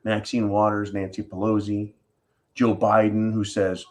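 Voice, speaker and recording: A man's voice: on the low side, flat delivery, a little slow. A man hosting an opinion commentary monologue, sarcastic and blunt, often tossing in "right?". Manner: sarcastic, keeps asking "right?". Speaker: host.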